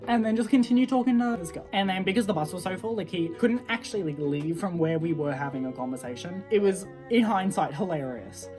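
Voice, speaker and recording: A woman's voice: on the low side, animated, brisk, few pauses, a little mellow. A teenage girl telling a story in a casual, chatty way, full of "like" and acted-out quotes. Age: teens. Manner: chatty, filler-heavy, acts out quotes. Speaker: vlogger. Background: guitar music.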